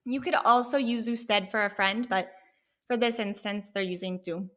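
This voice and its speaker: A woman teaching a Spanish lesson, explaining a sample dialogue clearly and patiently. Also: mid-range voice, a bit bright. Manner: clear, patient, slow when modeling Spanish phrases.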